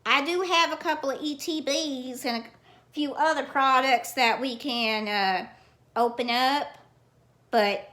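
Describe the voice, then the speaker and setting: A woman's voice: sits high, measured pace, bright, forceful tone, reverberant. A woman hosting a card collecting vlog, chatting casually in a put-on cheesy Southern US accent and calling herself Auntie. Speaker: card collecting channel host.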